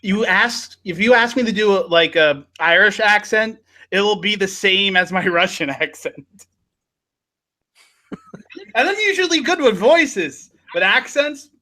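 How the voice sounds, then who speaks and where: A man's voice: sits high, lively intonation, a little slow, sharp tone, low-quality recording. A man hosting a casual talk show, joking and laughing often. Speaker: podcast host. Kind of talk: casual chat.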